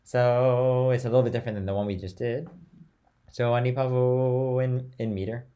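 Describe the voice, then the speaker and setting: A young man teaching a chant class in a relaxed, chatty way, switching between talk and sung note names and phrases. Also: medium pitch, normal speed.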